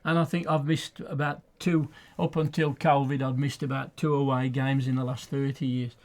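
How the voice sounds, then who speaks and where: A man's voice: mid-range voice, little pitch movement, normal speed, darkish tone. Earnest man on radio. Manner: earnest, emphatic, often repeats words for emphasis. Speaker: studio guest and lifelong fan. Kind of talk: conversational radio interview and reciting his own poem. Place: radio studio.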